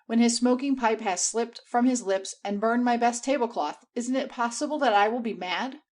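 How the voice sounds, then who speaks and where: A woman reads a diary aloud as audiobook narration, in a voice of middling pitch. Her delivery is theatrical, leaping up for exclamations and dropping into soft, hushed asides. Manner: expressive, theatrical, with wide swings between bright exclamations and hushed asides. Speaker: audiobook reader.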